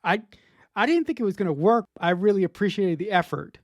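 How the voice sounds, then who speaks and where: A man's voice: high-pitched, animated, fairly quick, dry recording, clean studio sound. A man co-hosting a podcast, giving his take on a TV episode in a casual, rambling way, often repeating words as he works out what he means. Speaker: podcast co-host.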